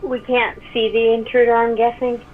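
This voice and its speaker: A woman's voice: fairly high pitch, monotone, moderate pace. A woman playing in a tabletop game, speaking tentatively and drawing her words out. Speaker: player. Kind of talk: casual game talk. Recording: tinny voice-chat line with faint hiss.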